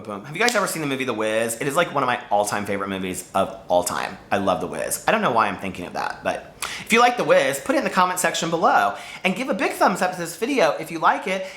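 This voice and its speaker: A man's voice: a little high, very animated, fast talker, pushed and bright, echoey room, slight background noise. A man chatting casually to camera as a book vlogger, rambling and jumping between topics.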